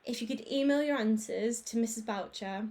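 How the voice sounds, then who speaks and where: A primary school teacher, a woman, reading a children's book aloud with clear, expressive storytelling. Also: fairly high pitch, moderate pace.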